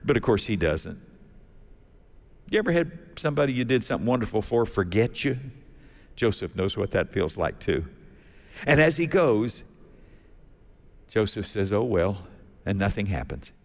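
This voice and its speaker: A man's voice: on the low side, big pitch swings, moderate pace, pauses often. A male pastor preaching a sermon in a folksy storytelling manner, acting out the characters as he goes. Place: church sanctuary. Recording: long church reverb.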